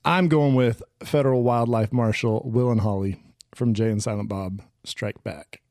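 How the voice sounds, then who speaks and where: A man's voice: mid-range voice, normal speed, dry recording, studio quality. A man co-hosting a casual podcast, telling stories with enthusiasm. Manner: enthusiastic, animated storytelling. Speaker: podcast co-host who edits the show.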